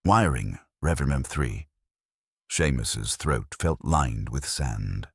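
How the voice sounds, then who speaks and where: Very deep male narrator, dramatic audiobook reading, dry close recording. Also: animated, takes it slowly, creaky, slightly rough, dry recording.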